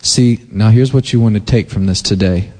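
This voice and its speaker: A man preaching a sermon in a loose, conversational way, retelling scripture with quick voiced quotes and growing emphatic. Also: on the low side, a little mellow. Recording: long hall reverb.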